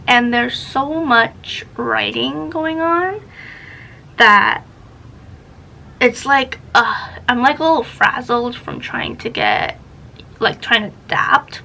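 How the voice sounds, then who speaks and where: A young woman talks to her own camera as a book vlogger, chatty and rambling. Her voice sits a touch high with a lot of vocal fry, and a faint hiss of background noise runs under it. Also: animated, takes it slowly, pauses often, bright, forceful tone, rough recording. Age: young adult. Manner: chatty, rambling, easily sidetracked. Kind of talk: casual vlog chat. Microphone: camera facing her, self-filmed.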